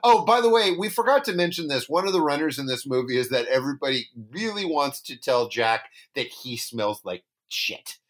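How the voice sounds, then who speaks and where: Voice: mid-range voice, big pitch swings, moderate pace, hardly any pauses, a bit bright. A podcast co-host recapping a film in casual, jokey chat, often slipping into mock voices.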